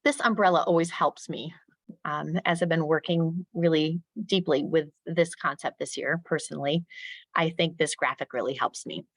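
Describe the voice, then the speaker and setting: A middle-aged woman giving a professional development talk to teachers, modeling speech sounds slowly and crisply and lifting her voice when she plays a teacher asking pupils. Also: low voice, steady tone, dry recording. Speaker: teacher trainer.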